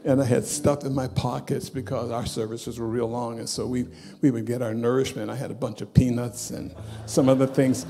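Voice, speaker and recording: Gravelly, mellow-voiced preacher man. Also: mid-range voice, flat delivery, a little fast. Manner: storytelling, swinging between loud bursts and soft, hushed asides. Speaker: bishop and preacher. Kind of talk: sermon testimony. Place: church sanctuary.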